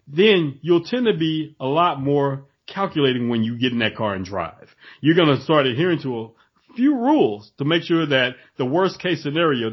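A man talking in an animated casual chat, acting out voices in his stories. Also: a little high, husky. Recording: dull lo-fi recording.

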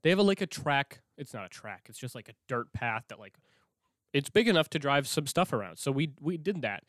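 Young dude from minnesota telling spooky stories, swears a lot, whispers the scary parts, dry mic. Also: male voice, medium pitch, brisk, no echo. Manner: animated, swearing, acts out whispered quotes. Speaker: host. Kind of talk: casual storytelling.

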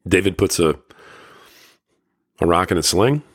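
A man with a deep, low voice talks loosely and conversationally, filling pauses with lots of fillers as he retells an old story. The sound is dry and close, with no room echo. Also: lively intonation. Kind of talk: casual talk retelling a Bible story.

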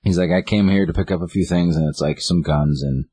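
A man with a very low, husky voice talks through a story in a loose, rambling way, slipping into the lines of each character. The recording is dry and close, with no room sound. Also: a little fast, warm tone, no room sound. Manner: rambling, acts out quotes with "he's like". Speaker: podcast co-host. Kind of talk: casual chat retelling a comic.

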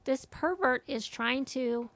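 A woman's voice: fairly high pitch, normal speed, vocal fry, no echo. A middle-aged woman, a mother, telling a story in casual chat and acting out what others said. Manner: animated storytelling, quoting others.

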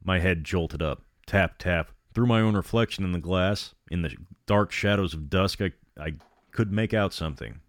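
A man's voice: low-pitched, moderate pace, dry recording, clean studio sound. A man narrating a horror story aloud, with sardonic asides between passages.

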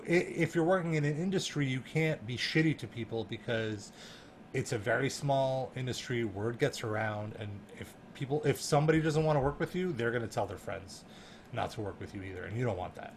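A man telling a story in a casual chat, animated and laughing, full of fillers and restarts. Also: mid-range voice, brisk, slight background noise. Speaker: guest.

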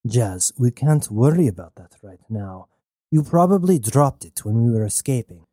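A man's voice: medium pitch, lively intonation, moderate pace, warm tone, dry recording, studio quality, close to an everyday voice. Man playing a stern, curt starship captain. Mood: firm. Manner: commanding, curt.

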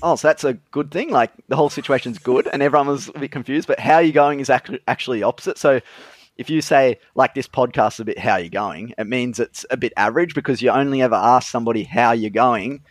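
Young man, Australian accent, podcast guest, rambling, laughs a lot, mid pitch, dry close sound. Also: fast, dry recording. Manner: rambling, laughs often, trails off with fillers. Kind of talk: casual podcast chat.

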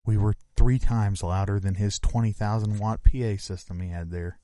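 A man from a band chatting casually, chiming in with quick wisecracks while a road story is told. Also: lowish voice, fairly even intonation, warm tone, no room sound, clean studio sound. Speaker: band member, co-host. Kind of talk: casual chat.

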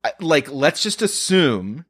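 A man's voice: on the high side, very animated, slow pace, a bit bright, husky, no echo, studio quality. A man hosting a casual podcast conversation, talking in an earnest, searching way and swearing casually.

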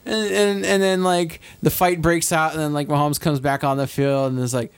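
A man's voice: fairly high pitch, moderate pace, clear, resonant tone. A young man in casual sports chat, telling a long rambling story with frequent laughs and swearing. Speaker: podcast co-host.

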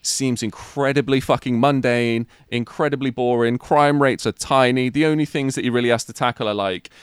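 A man with a Midlands accent talks through a film plot on a podcast, swearing freely as he goes. His voice is smooth and clean in a mid range, recorded close and dry with no room sound at all. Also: medium pitch, brisk, no room sound. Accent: English Midlands. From English Midlands. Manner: sweary, animated storytelling. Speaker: podcast co-host. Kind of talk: casual podcast chat.

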